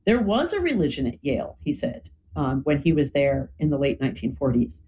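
A woman's voice: very deep voice, big pitch swings, brisk, warm tone, slight background noise, low-quality recording. A woman explaining history in a conversational lecture style, often checking in with "right?" and "you know.".

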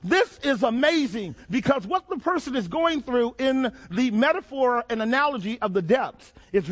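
A man preaching a sermon, asking the congregation questions and repeating phrases for emphasis. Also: very high-pitched. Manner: preaching with call-and-response questions and dramatic repetition.

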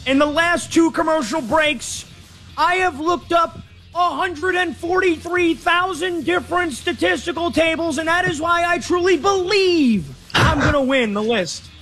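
A man doing an impression of an excitable male football analyst, talking loud and emphatic. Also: very high-pitched, a little slow, voice pushed up, exaggerated voice. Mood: boastful. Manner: loud, emphatic, over-the-top delivery.

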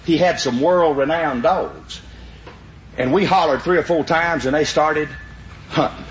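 A man's voice: a little high, unhurried, slight background noise. An older man with a drawl, telling a folksy story to an audience and laughing as he goes. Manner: drawling, animated, laughing through the tale. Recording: dull lo-fi recording in a roomy hall.

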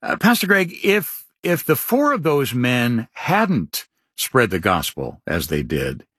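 A man's voice: medium pitch, huge pitch swings, a bit bright, slightly rough, dry recording, clean studio sound. A man co-hosting a Christian radio program, giving upbeat announcements and reading contact details. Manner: upbeat, reads phone numbers and addresses slowly. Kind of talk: radio announcing and donor appeal.

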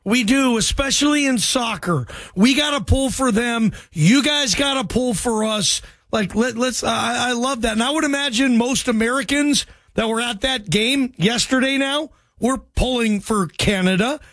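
A man hosting a sports call-in radio show, energetic and jokey with loose banter. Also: extremely high pitch, moderate pace, few pauses, dry recording. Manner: energetic, loose, jokey, calls callers bro.

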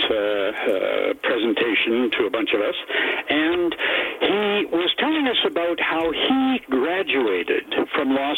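A man's voice: mid-range voice, a little hiss or hum. An older man calling in to a radio show, telling a rambling joke full of digressions. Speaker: caller. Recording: tinny phone line.

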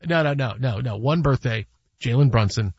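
A man's voice: mid-range voice, normal speed, darkish tone, slightly rough, no echo, highs cut off. A man hosting a sports radio show in a studio, talking in emphatic, playfully dismissive banter that keeps repeating its point.

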